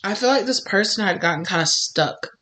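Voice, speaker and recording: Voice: mid-range voice, animated, fairly quick, noisy background. A tarot reader giving a casual pick-a-card reading, rambling and effusive, with many "like"s and restarts.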